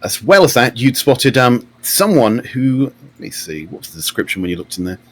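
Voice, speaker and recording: A man's voice: mid-range voice, big pitch swings, normal speed, slightly rough. A man, narrating a tabletop game as game master. He talks in a chatty way, with many fillers and restarts.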